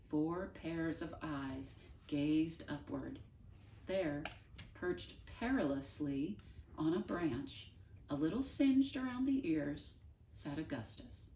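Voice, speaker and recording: A woman reading a children's book aloud in an expressive, unhurried way. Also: sits low, a little hiss or hum. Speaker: storyteller. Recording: roomy, distant mic.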